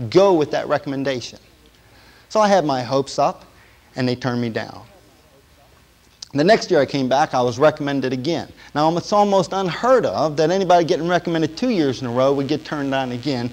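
Man preaching a personal testimony. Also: a little high. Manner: storytelling, swinging from hushed to emphatic. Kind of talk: sermon testimony.

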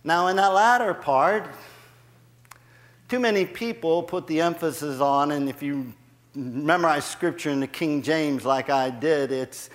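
A man preaching a sermon in a church, animated, building in volume and laughing at himself as he goes. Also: a little high, measured pace, in a large hall. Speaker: guest preacher. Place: church sanctuary.

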